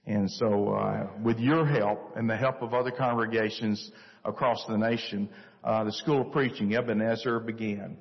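An older man, a missionary speaker, telling a church story earnestly with many pauses. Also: on the low side, fairly even intonation, gravelly. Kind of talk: church talk. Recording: echoey church hall, dull lo-fi sound.

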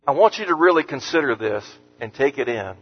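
A man preaching an earnest sermon as pastor, lifting his voice on scripture quotes and dropping low and soft on words of comfort. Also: animated, fairly quick, breathy edge. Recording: muffled sound with long hall reverb.

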